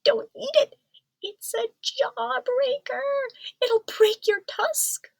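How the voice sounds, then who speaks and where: Woman doing a squeaky little storybook mouse. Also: takes it slowly, gravelly, dry recording, heavily acted. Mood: alarmed. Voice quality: high squeaky voice. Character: tiny squeaky male mouse, wise and fretful.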